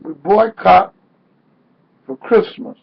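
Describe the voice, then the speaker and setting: High, husky man making a slow, rousing speech. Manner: preacher-like cadence, rising to cries. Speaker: activist speaker. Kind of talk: impassioned protest speech. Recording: dull lo-fi sound.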